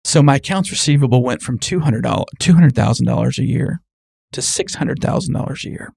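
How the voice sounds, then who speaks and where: A man's voice: mid-range voice, lively intonation, a little fast, creaky, darkish tone, husky, no room sound, clean studio sound. A man who works in medicine, speaking as a guest in an earnest, casual conversation and explaining things plainly.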